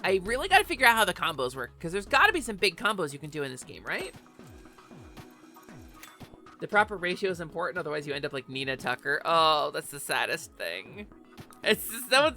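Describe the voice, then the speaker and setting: Brief: woman game streamer, animated and foul-mouthed, bright voice, lively swooping pitch, faint music behind. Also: brisk. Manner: animated, chatty, swears freely. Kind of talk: casual live gaming stream chat. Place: home office.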